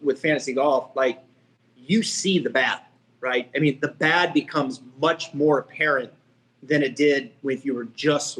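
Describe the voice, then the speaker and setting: A man hosting a podcast, chatting casually in rambling, quick asides and often checking with "right?". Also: mid-range voice, fairly bright tone. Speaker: podcast host. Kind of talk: casual chat.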